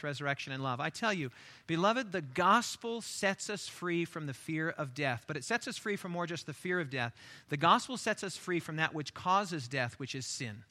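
A male pastor preaching a sermon, stressing his points by repeating key phrases and stumbling over quick restarts when he speaks off the cuff. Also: on the high side, pushed and bright.

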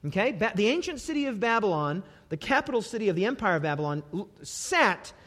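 Male preacher, emphatic and dramatic, animated high delivery, long hall reverb. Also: brisk. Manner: emphatic, dramatic scripture reading with sudden loud bursts. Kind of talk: sermon.

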